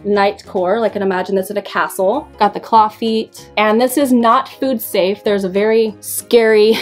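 A woman's voice: mid-range voice, fairly even intonation, normal speed, faint music behind. A young woman from the West Coast, chatting casually in a haul video, bubbly and rambling with playful asides. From West Coast of the United States. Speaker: thrift haul vlogger and online seller.

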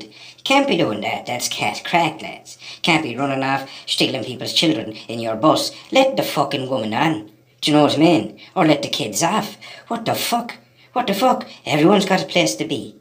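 An Irish man from Ireland ranting to camera as a vlogger, heated and profane, repeating himself and calling his listeners lads. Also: a little high.

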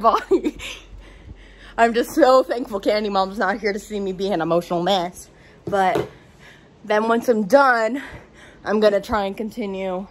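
A woman vlogging from home in a casual, rambling rant, out of breath and emotional, with lots of "like". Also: mid-range voice. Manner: rambling, emotional, heavy use of "like".

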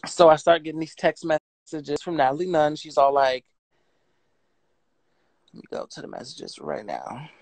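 A woman, telling her story on a phone livestream in a blunt, profane, animated way and reading out text messages. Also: deep voice, moderate pace, long pauses, dry recording.

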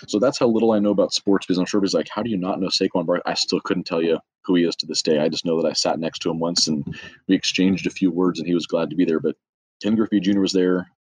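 A middle-aged man with a low, husky voice tells stories as a podcast guest, easy and self-mocking, tossing in quick asides. The sound is dry and close with no room echo. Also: fairly even intonation. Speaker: guest, trades business owner. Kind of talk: casual storytelling.

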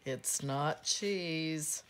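A woman teacher reading a picture book aloud at bedtime, gentle and expressive, pausing to comment on the pictures. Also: deep voice. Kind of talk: bedtime storybook read-aloud.

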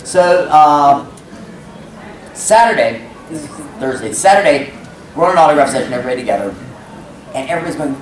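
Man panelist, lively voice, story in an echoey hall, heard from a distance, crowd and noise behind. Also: on the high side, brisk, pauses often. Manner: rambling storyteller who acts out quotes. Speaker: convention panelist. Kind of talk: casual anecdote telling. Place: large convention hall with audience. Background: audience murmur and room noise.

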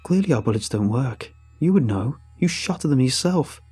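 A man voicing a cautious male officer who speaks in a measured, doubtful way. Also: mid-range voice, animated, warm tone, breathy edge, soft background music, pitched above the performer's own voice.

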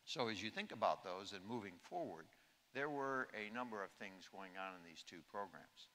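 His voice sits on the low side, animated and pushed bright, moving at a moderate pace. The man, in his sixties, gives a keynote of humorous stories with quotes acted out, recorded with echo in a big conference hall.

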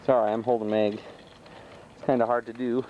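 A woman's voice: extremely low pitch, little pitch movement, brisk, slight background noise. A mother filming her children, chatting in sing-song baby talk on a camcorder microphone. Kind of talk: home video chatter. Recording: dull lo-fi camcorder audio with music.

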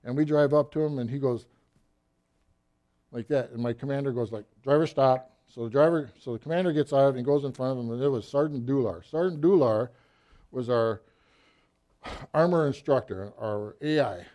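A middle-aged man tells a story from the pulpit in a relaxed, folksy way. His voice is warm and mellow, at an ordinary middle pitch for a man. He acts out the scenes with lively energy. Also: normal speed. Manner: folksy, animated storytelling with acted-out quotes. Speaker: church speaker. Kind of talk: storytelling sermon.

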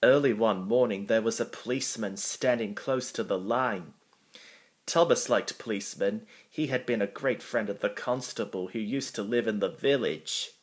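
A man reading a children's storybook aloud in a measured way. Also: lowish voice, husky.

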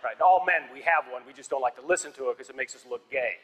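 This stand-up comic speaks fast in a medium-pitched, slightly bright voice, telling stories in dry, punchy one-liners from a theater stage. Hall reverb and crowd sounds fill the live recording.

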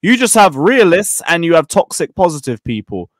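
A man's voice: on the high side, normal speed, no echo, clean studio sound. A man on a football fan panel, analysing matches and acting out quotes. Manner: animated, analytical, acts out quotes. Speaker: football pundit.

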